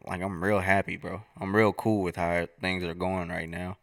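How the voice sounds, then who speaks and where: A man's voice: low voice, little pitch movement, moderate pace, gravelly, fairly bright tone, no room sound, studio quality. A young man co-hosting a podcast, telling stories in casual slangy chat. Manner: laid-back slangy storytelling. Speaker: podcast co-host.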